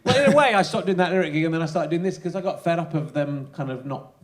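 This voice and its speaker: A man hosting a podcast, chatting casually and making quick, wry remarks. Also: fairly high pitch, animated. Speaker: podcast host. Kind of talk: casual chat.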